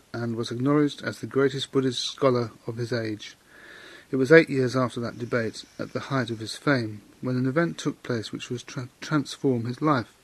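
A man's voice: mid-range voice, no room sound. Man telling a Buddhist legend. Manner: measured storytelling with moral comment. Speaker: Buddhist teacher. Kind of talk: Dharma talk retelling a legend.

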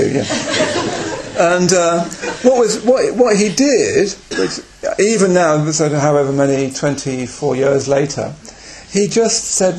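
A man's voice: fairly high pitch, animated, a little slow, a loud crowd, very noisy. A man in his forties, speaking candidly and reflectively as a Buddhist speaker telling personal anecdotes on a retreat. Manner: candid, reflective, self-deprecating.

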